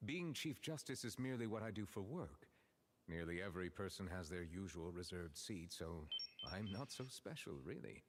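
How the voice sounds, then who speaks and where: A man voicing a dignified chief justice who speaks in a formal, measured, courteous way. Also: low-pitched, animated, a little hiss or hum. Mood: modest.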